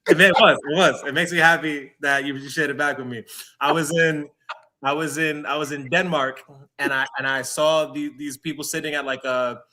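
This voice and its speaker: A man's voice: a little high, fairly even intonation, bright, forceful tone. A middle-aged man from New York City, a guest speaking candidly and reflectively, often restarting his phrases. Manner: earnest, reflective, halting restarts. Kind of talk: candid conversational interview.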